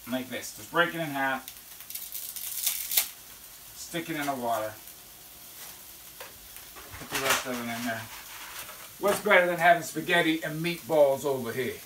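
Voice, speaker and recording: A chatty home cook in a kitchen demonstrates a recipe in a relaxed, folksy way, often asking "okay?" and breaking into loud whoops. The voice sits at a middling pitch and comes from a mic set well back. The room is echoey, and frying pans sizzle throughout. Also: distant mic, slight background noise. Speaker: home cooking show host. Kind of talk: casual cooking demonstration. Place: kitchen at a stove.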